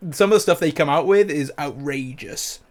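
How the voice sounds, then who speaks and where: A man's voice: fairly high pitch, moderate pace. Laughing man recapping a film. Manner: laughing, animated retelling of scenes. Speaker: podcast co-host. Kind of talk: casual film review chat.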